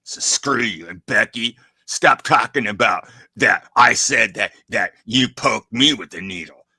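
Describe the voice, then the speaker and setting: A man's voice: on the low side, measured pace, bright, forceful tone, slightly rough, dry recording. A man stammering and grumbling through a comedic rant as a show regular. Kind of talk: comedic group reading.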